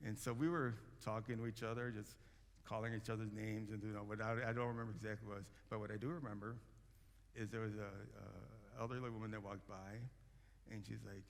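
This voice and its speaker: Pastor guy, low gravelly voice, chatty restarts, big echoey church. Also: flat delivery, a little fast. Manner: conversational preaching with many restarts and fillers. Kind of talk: sermon. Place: church sanctuary. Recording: long church hall reverb.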